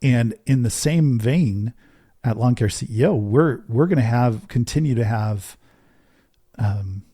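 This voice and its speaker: A man's voice: mid-range voice, unhurried, dark tone, breathy edge, no echo, studio quality. A middle-aged man hosting a podcast, speaking earnestly in a casual monologue and telling stories, often tossing in a rhetorical "right?". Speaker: podcast host.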